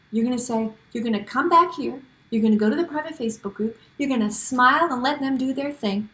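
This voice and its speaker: Middle-aged woman host, upbeat and chatty, somewhat high voice, recorded in an echoey room. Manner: chatty, encouraging, with frequent restarts. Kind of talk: casual talk to camera.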